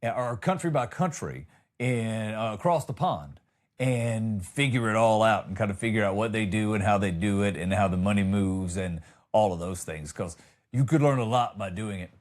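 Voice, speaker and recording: A man's voice: lowish voice, moderate pace. An American man hosting a comedy podcast, telling stories in a loose, rambling way with jokey asides. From United States.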